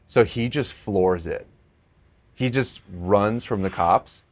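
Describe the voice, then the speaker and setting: A man's voice: fairly low pitch, slow pace. A young man hosting a podcast, casually telling family stories and laughing often. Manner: storytelling, laughs often, animated when acting out scenes. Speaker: podcast host. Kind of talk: casual chat.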